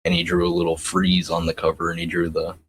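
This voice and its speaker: Very deep-voiced, laid-back man chatting. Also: monotone, fast talker, a little hiss or hum. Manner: laid-back, laughs often, many fillers. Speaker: podcast co-host. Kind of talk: casual comic book discussion.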